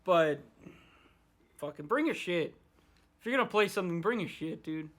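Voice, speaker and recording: Bright-voiced, profane ranting man. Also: high-pitched, animated, moderate pace. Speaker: podcast host. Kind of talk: casual chat.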